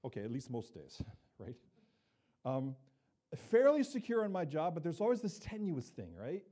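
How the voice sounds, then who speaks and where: A man's voice: a little high, huge pitch swings, moderate pace, mellow. An older man preaching a sermon as pastor, talking conversationally and often checking in with the congregation with asides.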